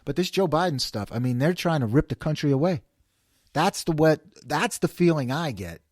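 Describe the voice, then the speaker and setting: A man's voice: fairly high pitch, moderate pace, no room sound, studio quality. A man in his forties, a host delivering a sarcastic, ranting monologue. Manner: sarcastic, animated.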